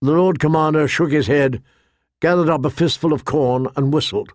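A man narrating a fantasy audiobook in a steady, measured way. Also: fairly high pitch, no room sound, clean studio sound.

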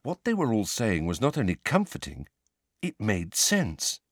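A man's voice: on the low side, wildly swooping pitch, unhurried, breathy edge, no echo, studio quality. A man narrating a story aloud as an audiobook reader, reading with expression.

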